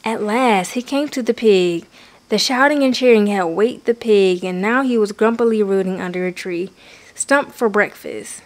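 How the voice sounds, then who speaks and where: A woman reading a children's picture book aloud, steady and expressive. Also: mid-range voice, moderate pace. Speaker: children's story reader. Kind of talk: storybook read-aloud.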